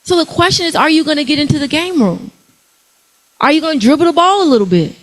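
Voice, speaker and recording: Animated woman preaching money to a crowd. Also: high-pitched, fast, low-quality recording. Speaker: workshop speaker. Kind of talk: motivational talk to a live audience.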